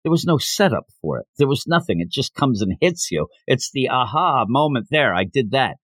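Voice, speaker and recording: Animated man recapping a comic. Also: medium pitch, normal speed, husky, dry recording. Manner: animated, acts out characters' lines in mocking voices. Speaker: podcast co-host. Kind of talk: casual comic book review chat.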